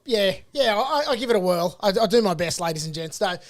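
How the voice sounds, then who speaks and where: A man's voice: sits high, lively intonation, fairly quick. An Australian man co-hosting a casual property podcast in a studio, earnest and emphatic, often repeating his words as he makes a point. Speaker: property coach and co-host.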